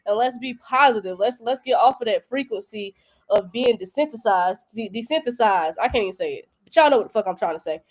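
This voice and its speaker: A woman's voice: a little high, fast. A young woman from North Carolina with a local accent, hosting a casual crypto live stream in a joking, slangy way. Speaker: crypto show host.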